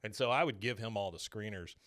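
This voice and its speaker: A man co-hosting a podcast, casually recapping a cartoon episode and reading lines aloud in quick voices. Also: on the low side, a bit bright. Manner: reads out show dialogue in quick put-on voices, laughing often. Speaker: podcast co-host.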